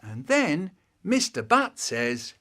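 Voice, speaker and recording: A man reading a comic poem as a slow, deliberate chanted list. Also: on the high side, wildly swooping pitch.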